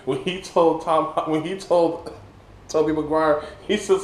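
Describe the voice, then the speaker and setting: A man talking casually about a film after a few drinks, his voice sitting a touch high for a man. He rambles with excitement and trips over his words, restarting sentences. The sound carries the echo of a bare room. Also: a little slow, slight background noise. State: tipsy. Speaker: movie reviewer. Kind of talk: casual drunk film review monologue.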